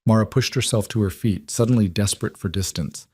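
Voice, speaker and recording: A man narrating a scripted story in a measured, dramatic way. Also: on the low side, darkish tone, slightly rough, no room sound, studio quality.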